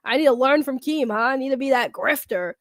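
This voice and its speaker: A woman's voice: high-pitched, lively intonation, brisk, a bit bright, dry recording, studio quality. A woman streamer reading her chat aloud in casual, blunt, profane talk, congested from a cold and laughing often.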